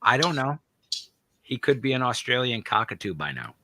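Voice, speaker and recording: A man's voice: mid-range voice, very animated, normal speed, pushed and bright, dry recording. Easygoing man hosting an open mic. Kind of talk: casual hosting.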